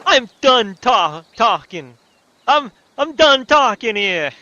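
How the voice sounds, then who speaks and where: A man voicing a cranky, fight-picking young male villager in a put-on Brooklyn accent, loud and rude. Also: extremely high pitch, big pitch swings, no echo, highs cut off, voice pushed up, heavily acted. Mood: angry. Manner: shouty, rude, fast-tempered.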